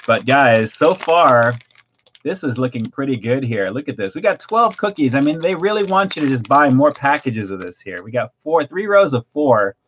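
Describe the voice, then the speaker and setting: A man hosting a livestream snack review, chatty and excitable as he tastes and describes food. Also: mid-range voice, moderate pace, dull audio, a little hiss or hum.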